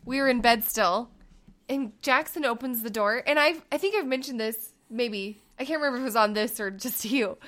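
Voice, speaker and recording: High-pitched mom in her 30s chatting on a podcast, acts out everyone's voices, super animated. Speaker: podcast co-host. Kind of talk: casual chat.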